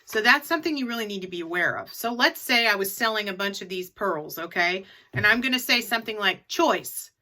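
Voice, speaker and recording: A woman's voice: mid-range voice, lively intonation, a little fast, pushed and bright. A middle-aged woman in a casual advice vlog, chatty and repeating her key tips for emphasis. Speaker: reseller vlogger.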